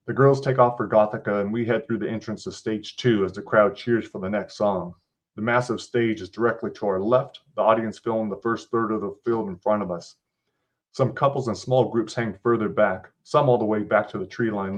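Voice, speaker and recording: Low-voiced man reading a story with salty asides. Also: steady tone, fairly quick. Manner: casual, profane asides. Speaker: podcast host. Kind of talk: reading an interactive story aloud.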